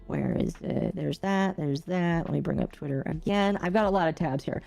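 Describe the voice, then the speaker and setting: A woman's voice: on the low side, normal speed, creaky, warm tone, faint music behind. A woman streamer chatting casually with her viewers, rambling and often correcting herself. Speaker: gaming streamer. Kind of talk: casual livestream chat.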